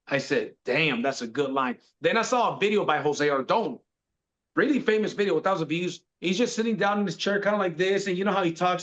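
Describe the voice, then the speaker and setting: A man's voice: fairly high pitch, animated, brisk, fairly bright tone. A man in his forties telling his career story in a laid-back way, calling the listener bro. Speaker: podcast guest. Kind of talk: casual storytelling. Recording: dull lo-fi sound.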